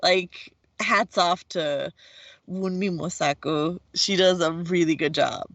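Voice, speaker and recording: A woman's voice: fairly low pitch, slow pace, vocal fry, fairly bright tone, dry recording. A woman co-hosting a casual TV recap podcast, talking expressively and peppering her speech with "like". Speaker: podcast co-host. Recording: dull, dry lo-fi sound.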